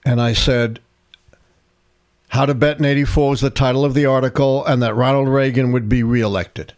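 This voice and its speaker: A man's voice: mid-range voice, normal speed. Older man telling a vivid anecdote. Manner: animated anecdotal storyteller, acts out quotes. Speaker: host, historian. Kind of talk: live election stream storytelling.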